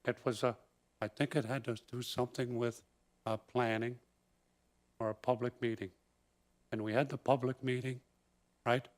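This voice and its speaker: Man, town councillor, council meeting, deliberate, short phrases, disappointed tone. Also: mid-range voice, flat delivery.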